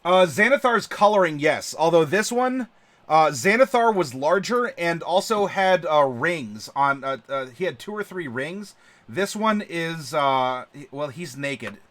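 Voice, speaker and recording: Chatty host, slightly high voice. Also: male voice, animated, a little slow, a bit bright. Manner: chatty, laughs often, many fillers. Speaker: channel host. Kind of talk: casual live-stream chat.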